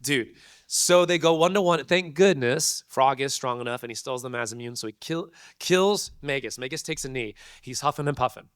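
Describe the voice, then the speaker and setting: A man, a convention panel guest, telling a story to an audience in an animated, laughing way full of slang. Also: medium pitch, moderate pace, clear, resonant tone, dry recording, clean studio sound.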